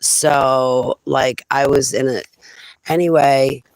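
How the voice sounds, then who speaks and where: A woman's voice: rumbling low, steady tone, takes it slowly, no echo, rough recording. Woman vlogger, loose rambling monologue, laughs often; dry close recording. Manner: chatty, laughs often between thoughts.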